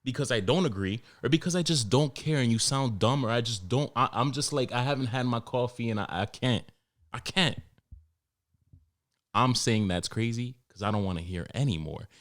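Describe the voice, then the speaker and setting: A young man, hosting a podcast and ranting in a profane, animated way, acting out his customers. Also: mid-range voice, normal speed. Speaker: podcast host and barber. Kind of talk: casual solo podcast rant.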